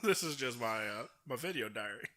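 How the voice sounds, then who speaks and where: A man's voice: medium pitch, expressive, a little fast, bright, forceful tone. A young man co-hosting a casual podcast, joking loosely and laughing often. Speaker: podcast co-host. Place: hot small room.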